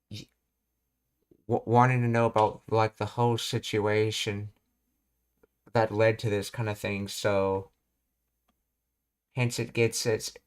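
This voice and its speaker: A man teaching a live language lesson, reading explanations in a measured way and thinking aloud as he works out meanings. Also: fairly low pitch, clear, resonant tone.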